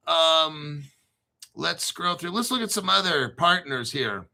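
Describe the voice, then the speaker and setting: A man hosting a crypto show, talking in an excited, rambling monologue with frequent swearing, stopping to spell out names letter by letter. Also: on the high side, a little slow, vocal fry.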